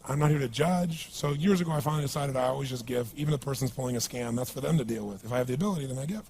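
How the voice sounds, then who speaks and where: A man's voice: mid-range voice, rapid-fire, darkish tone, slight background noise. A man speaking as a motivational speaker at a live seminar, emphatic and punchy, often asking the audience questions.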